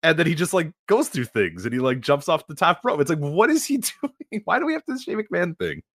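Fast, animated man laughing through chat. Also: a little high, breathy edge, dry recording. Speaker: podcast co-host. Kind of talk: casual podcast chat.

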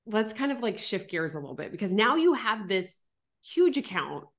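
A woman's voice: mid-range voice, very animated, normal speed, a bit bright. A woman hosting a podcast interview, emphatic and encouraging, asking long run-on questions. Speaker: podcast host. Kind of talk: casual interview.

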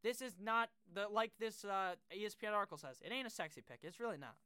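A young man giving casual, rambling commentary as a sports fan creator, profane and quick to poke fun at himself. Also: high-pitched, lively intonation, bright, forceful tone, clear, resonant tone, no echo, clean studio sound. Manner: rambling, profane and self-deprecating. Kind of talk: casual draft-pick commentary.

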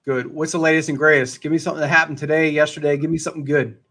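A man hosting a podcast, interviewing a priest in a casual, halting way. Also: on the high side, level tone, pushed and bright. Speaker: podcast host.

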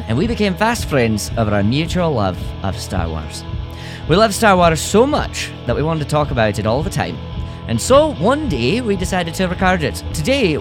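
A man opening a podcast in a put-on Scottish accent, drawing out his lines. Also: a little high. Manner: exaggerated, drawn-out delivery. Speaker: podcast host. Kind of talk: scripted show opening.

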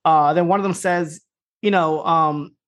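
A man's voice: a little high, fairly even intonation, a little slow. A man co-hosting a podcast, recapping episodes in a rambling, casual way, swearing freely and acting out the characters' lines. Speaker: podcast co-host.

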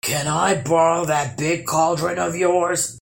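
A woman voicing a big, hungry male troll in a storybook, gruff and menacing. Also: sits low, steady tone, slow pace, exaggerated voice. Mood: greedy.

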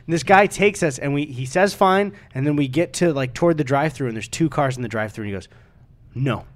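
Man, podcast co-host, casual storytelling, filler-heavy, profane, slightly high pitch. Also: fast. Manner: rambling, filler-heavy, swears freely.

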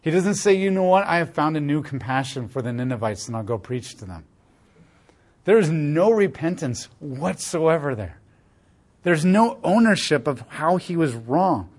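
A man delivers sermon-style Bible teaching in a voice that sits a little high. He moves between reading scripture aloud and offering casual, emphatic commentary. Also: big pitch swings, normal speed, a little mellow.

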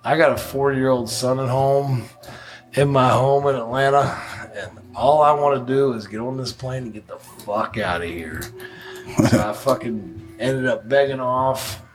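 A man's voice: mid-range voice, unhurried, faint music behind. A man in his forties spins a rambling story, cursing freely and chuckling at how badly things went. His voice sits in an ordinary middle register, and his telling is blunt and unpolished, like casual podcast talk. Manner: profane, blunt, laughs through his story. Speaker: podcast guest.

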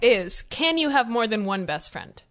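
A co-host with a bright, sharp tone and a very lively, bouncing pitch. Drops wry, teasing lines into a casual podcast chat. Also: normal speed.

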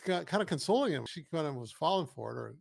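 Male co-host, creaky, slightly high voice, relaxed commentary. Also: fast talker. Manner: loose, easygoing remarks. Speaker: podcast co-host. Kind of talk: casual movie review chat.

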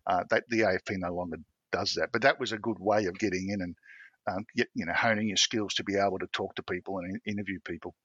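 A man's voice: deep voice, steady tone, fast, a bit bright, slightly rough, dry recording, lo-fi sound. A middle-aged man, a former police officer, telling rambling anecdotes in a casual interview. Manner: rambling anecdotes, frequent restarts and self-laughter.

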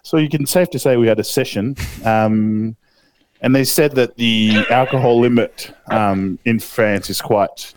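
A man's voice: medium pitch, fairly even intonation, measured pace, clean tone. A young Australian man casually telling a long story on a podcast, swearing a lot and using many fillers. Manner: laid-back storytelling, heavy swearing, lots of fillers. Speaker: podcast co-host. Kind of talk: casual chat.

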